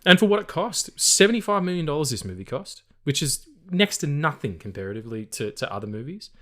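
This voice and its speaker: A man's voice: a little high, sing-song, fast, bright, forceful tone. A man co-hosting a casual film podcast, rambling with lots of fillers, restarts and swearing. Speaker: podcast co-host.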